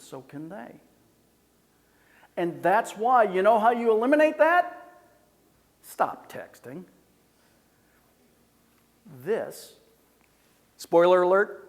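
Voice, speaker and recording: A man in his sixties giving a live seminar talk on communication, lively and jokey, acting out what people said. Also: on the high side. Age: 60s. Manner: lively, jokey, acts out quoted voices. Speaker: communication speaker. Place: large hall with an audience. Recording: long hall reverb from a live event.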